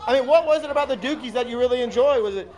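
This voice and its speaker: A man's voice: very high-pitched, rapid-fire, darkish tone, some chatter behind. A man co-hosting a casual live chat, ranting sarcastically and swearing a lot. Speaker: co-host.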